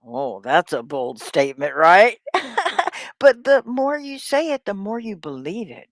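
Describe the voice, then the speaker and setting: A woman's voice: mid-range voice, very animated, unhurried, dry recording, clean studio sound. A middle-aged woman teaching a live online English class, upbeat and encouraging as she speaks to viewers in the chat by name. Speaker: ESL teacher.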